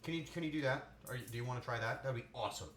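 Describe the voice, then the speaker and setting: A man's voice: mid-range voice, rapid-fire, fairly bright tone. A man cooking on a live stream, chatting playfully and answering his chat as he goes. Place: home kitchen. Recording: roomy kitchen with faint noise.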